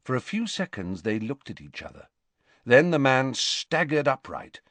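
A man narrating an audiobook in a deliberate, expressive reading. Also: lowish voice, dry recording.

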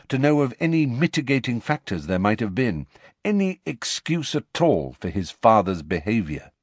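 A man narrates a novel in a lowish voice that rises and falls a great deal with the story. The reading is scripted and expressive, recorded dry and close. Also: no room sound. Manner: expressive storytelling with wide pitch swings. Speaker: audiobook narrator.

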